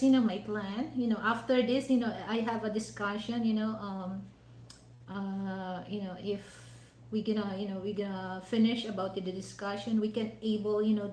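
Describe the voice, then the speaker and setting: A woman's voice: medium pitch, roomy sound, low-quality recording. A woman vlogger chatting casually over dinner, rambling and leaning on "you know" fillers with non-native phrasing.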